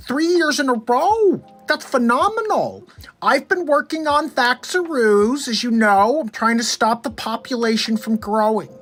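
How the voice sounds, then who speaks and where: A nerdy older tech philanthropist with a high, nasal, chirpy voice, as a man puts him on. Slightly distant from the mic. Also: fairly bright tone, exaggerated voice. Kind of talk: comedic impression.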